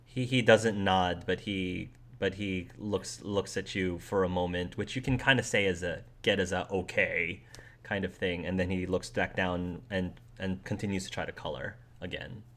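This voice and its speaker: A man running a tabletop game with a lowish voice, narrating what characters do in a loose, conversational way. He often restarts his sentences as he describes the scene. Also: fairly even intonation, normal speed, few pauses, fairly bright tone. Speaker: game master.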